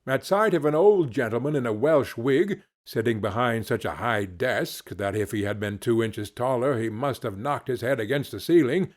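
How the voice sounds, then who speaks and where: A man narrating a classic story as an audiobook reader, in a deliberate, expressive way. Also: mid-range voice. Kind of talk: scripted narration.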